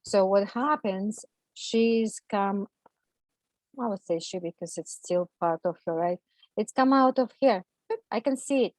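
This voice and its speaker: A woman, a guest on an interview show, telling a personal story in halting, emotional, non-native English, full of fillers and restarts. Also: medium pitch, dry recording, rough recording.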